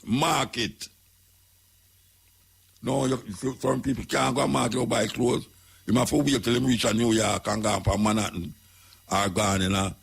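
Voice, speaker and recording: A man's voice: mid-range voice, gravelly, a bit bright, husky. A man with a Jamaican accent, talking as a radio host in an emphatic, preaching way, repeating his points. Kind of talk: talk radio commentary.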